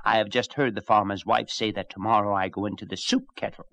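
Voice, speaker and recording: A man's voice: fairly low pitch, steady tone, fast, gravelly, fairly bright tone, dry recording, lo-fi sound. A man voicing a proud rooster who declaims his lines grandly. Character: proud old rooster, singing his heart out.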